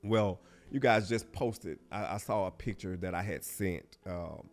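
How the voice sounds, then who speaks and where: A middle-aged man, a guest on an interview show, telling a personal story in a reflective, heartfelt way that often drops to a hush and halts. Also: deep voice, unhurried, soft background music.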